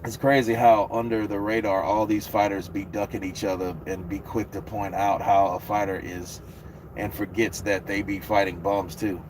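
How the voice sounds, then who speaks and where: A man's voice: fairly low pitch, little pitch movement, normal speed, a little mellow, a little hiss or hum. A man hosting a casual boxing livestream, reading out chat in a profane, joking, laid-back way. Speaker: host.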